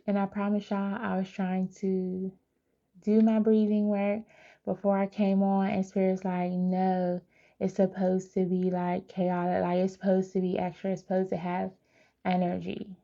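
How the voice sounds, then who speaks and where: Gravelly, chatty woman giving a psychic reading. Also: mid-range voice, muffled recording. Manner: chatty, animated, talks straight to viewers. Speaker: tarot reader.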